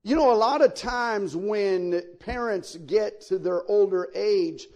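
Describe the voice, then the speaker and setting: A man's voice: high voice, darkish tone. A man preaching a sermon as pastor, speaking directly to his listeners and swelling into sudden emphatic peaks. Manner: folksy, addresses listeners directly.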